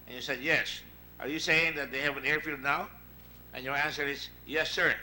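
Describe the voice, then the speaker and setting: A man's voice: on the high side, fairly even intonation, a little fast, bright, forceful tone, slight background noise, rough recording. A man with a Filipino accent chairing a senate hearing, questioning witnesses emphatically and wandering into asides. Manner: emphatic, digressive, reads out past exchanges.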